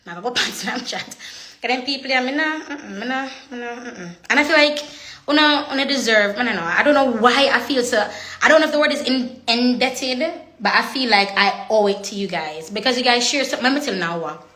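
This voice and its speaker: Bright-voiced woman. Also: on the high side, animated, brisk. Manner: chatty, switches into patois, laughs often. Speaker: social media personality. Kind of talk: casual livestream chat. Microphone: phone.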